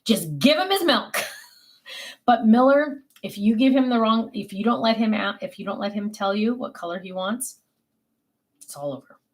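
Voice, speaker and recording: An older woman chats to viewers on her crafting livestream. Her voice sits a little high, and she tells family stories in a lively, animated way. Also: moderate pace. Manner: chatty, animated storytelling with laughs. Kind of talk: casual chat to viewers.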